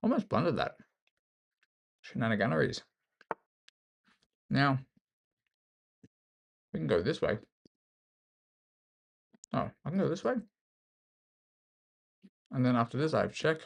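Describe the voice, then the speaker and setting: With vocal fry, frequent pauses and a slow pace, this mid-range male voice swings widely in pitch. An Australian chess streamer, he thinks aloud through online games in casual commentary, joking and poking fun at himself.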